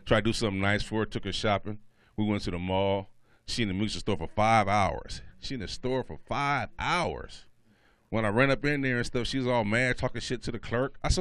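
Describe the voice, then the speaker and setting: A man's voice: lowish voice, fairly quick, fairly bright tone, no room sound. A male comedian telling a loose, slangy stand-up story on a radio show.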